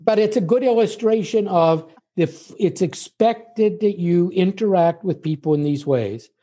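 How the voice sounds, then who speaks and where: An older man from the United States talks as a guest in a relaxed interview. His voice is warm and mellow rather than bright. He explains at a measured pace and leans on little anecdotes to make his point. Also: high-pitched. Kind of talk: conversational interview storytelling.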